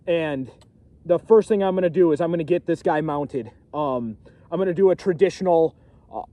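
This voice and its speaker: Halting outdoorsman, slightly high voice. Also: dark tone. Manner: halting, full of fillers and restarts. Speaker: first-time trapper. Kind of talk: casual outdoor vlog talk. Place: outdoors on a frozen pond. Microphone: camera set on a pack basket a few feet away.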